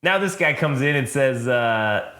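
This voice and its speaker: A man's voice: medium pitch, lively intonation, a little slow, fairly bright tone, roomy sound. A man on a casual comic podcast, rambling and swearing as he recaps a comic and acts out its characters' lines. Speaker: comic book podcast host.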